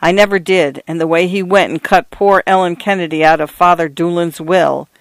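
A man's voice: high voice, fairly even intonation, normal speed, fairly bright tone, no room sound. A man voicing a fussy, complaining older female housekeeper with a petulant, scolding manner. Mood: grumbling.

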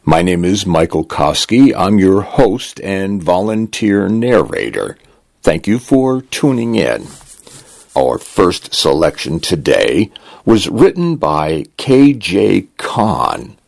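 A man narrating a story in a very low, gravelly voice that rises and falls with lively pitch. He reads slowly and deliberately, and his husky tone sits close and dry. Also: no echo. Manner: slow, measured storytelling delivery. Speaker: host and volunteer narrator.

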